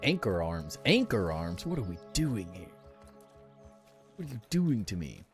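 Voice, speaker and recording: A man's voice: fairly low pitch, very animated, a little slow, soft background music. A man streaming a building game, talking casually with chat in a rambling way, laughing often and restarting his sentences.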